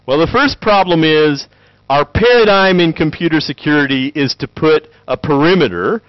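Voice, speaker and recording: Animated joking man, lively pitch. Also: dry recording, muffled recording. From Tennessee. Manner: animated, joking, acts out quick voices. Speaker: lecturer. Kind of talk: lively conference talk.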